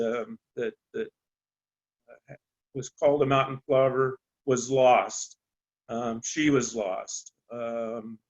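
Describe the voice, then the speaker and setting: A man from eastern Colorado, a rancher, telling a story in a halting, folksy way with many ums and restarts. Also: medium pitch, fairly bright tone, dull audio. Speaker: rancher on a landowner panel. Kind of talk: storytelling on a panel talk.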